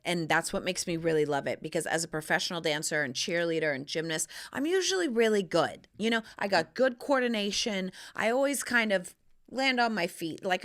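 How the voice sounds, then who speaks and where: A middle-aged woman hosts a casual solo podcast with a bright, lively voice that swoops all over her range. She talks in a profane, playful way, dropping to hushed whispers one moment and squealing the next. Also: fairly low pitch. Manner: animated, swings between loud squeals and hushed whispers. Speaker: podcast host.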